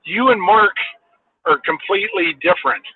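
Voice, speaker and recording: A man's voice: sits high, moderate pace, breathy edge, dry recording. A man from Washington state, chatting casually and asking curious questions. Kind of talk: casual chat. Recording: tinny phone line with faint hiss.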